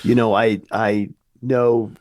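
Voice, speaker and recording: A co-host with a lowish voice, laid-back in casual chat. He chimes in with short replies. The recording is dry and close. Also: little pitch movement, slow pace, a little mellow, no echo. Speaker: podcast co-host.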